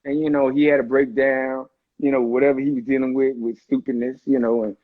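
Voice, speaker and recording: A man's voice: medium pitch, level tone, brisk, phone-quality sound. A man on a casual live chat, playful and slangy, often slipping into quoted voices. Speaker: actor guest on a live chat. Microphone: livestream call audio.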